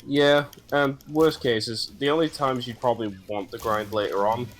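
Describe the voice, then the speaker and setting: A man's voice: mid-range voice, steady tone, normal speed. A man hosting a game stream, chatting casually and explaining game mechanics at length. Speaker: gaming streamer host. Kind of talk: casual gaming chat.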